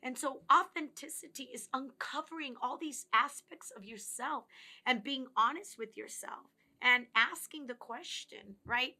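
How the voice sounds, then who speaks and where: Woman, motivational talk, bright clear tone, slightly high, earnest coaching, speaks to the listener. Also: a little slow. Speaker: speaker on personal growth.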